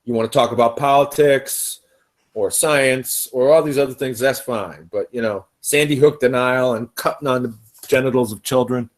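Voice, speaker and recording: A man's voice: mid-range voice, normal speed. A man talking in a casual online hangout, firm and emphatic, swearing and getting emotional about his views. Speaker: guest in a hangout. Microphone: home computer mic.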